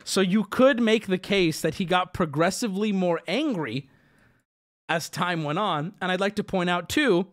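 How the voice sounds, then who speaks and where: A man's voice: high-pitched, expressive, moderate pace. A man hosting a livestream, telling a story to his chat in a heated, profane rant. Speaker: livestream host. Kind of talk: casual ranting to chat.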